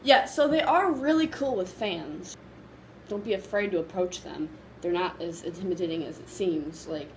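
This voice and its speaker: Excited woman vlogger rambling on about a fan meetup, lots of "like", faint noise behind. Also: fairly low pitch, normal speed, low-quality recording. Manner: excited, gushing, rambling with many fillers. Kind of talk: casual storytelling to camera.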